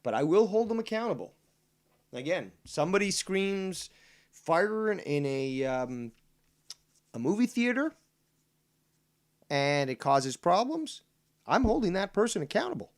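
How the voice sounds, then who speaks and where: A man hosting a livestream and delivering an indignant, profane rant. He swears heavily, repeats lines for emphasis, and slows right down to hammer home key points. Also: a little high, big pitch swings, darkish tone. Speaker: livestream host reading viewer comments. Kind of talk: profane ranting monologue.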